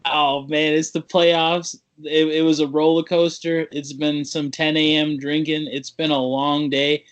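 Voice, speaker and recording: A man's voice: a little high, flat delivery, a little slow. A man co-hosting a casual talk show, trading playful insults with his partner. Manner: playful trash-talking banter. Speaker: podcast co-host. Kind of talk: casual chat.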